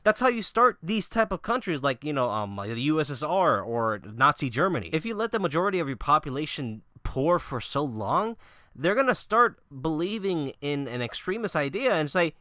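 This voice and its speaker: A man's voice: mid-range voice, big pitch swings, moderate pace, sharp tone, no echo, studio quality. A man vlogging about gaming news in a casual, profane rant, mocking the people he disagrees with.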